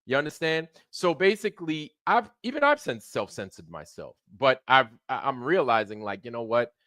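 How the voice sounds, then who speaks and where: A man's voice: mid-range voice, big pitch swings, normal speed, pushed and bright, no room sound, studio quality. A man hosting his own livestream, ranting casually with lots of swearing, repeating points and asking rhetorical questions. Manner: profane, repetitive and emphatic, with frequent rhetorical questions. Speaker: streamer hosting a show.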